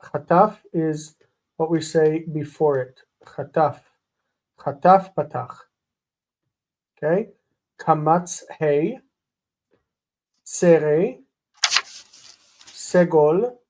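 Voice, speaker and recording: A man's voice: fairly high pitch, a little mellow. Patient man teaching Hebrew vowel names. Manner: patient, repeats terms and rules slowly. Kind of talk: live online lesson.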